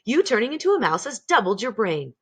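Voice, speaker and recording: A woman reading aloud, voicing a kind, patient elderly grandmother who speaks gently and calmly. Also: on the high side, quick pace, slightly rough, pitched above the performer's own voice. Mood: warm. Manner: gentle, composed.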